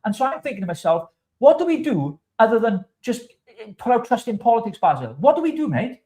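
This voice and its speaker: Angry, fast-talking man ranting. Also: extremely high pitch, very animated, warm tone. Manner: angry, swearing, repetitive restarts. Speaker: co-host of political live stream. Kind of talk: heated political commentary.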